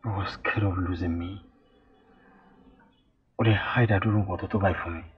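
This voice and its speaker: A man's voice: deep voice, fairly even intonation, a little fast, breathy edge. An actor playing a young man who confronts his crying lover, moving from exasperated to soothing, in a film drama. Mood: upset. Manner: pleading and exasperated, switching between soothing and raised voice. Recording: dull lo-fi film audio.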